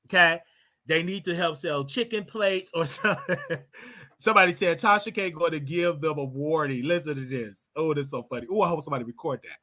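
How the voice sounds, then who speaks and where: A man hosting a live call-in show, chatting in an animated, slangy way and laughing often. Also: on the high side. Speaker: show host.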